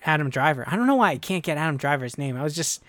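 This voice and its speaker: A man hosting a casual podcast discussion, animated and chatty, breaking into playful voices when quoting others. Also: on the high side, quick pace, no room sound. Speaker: podcast host.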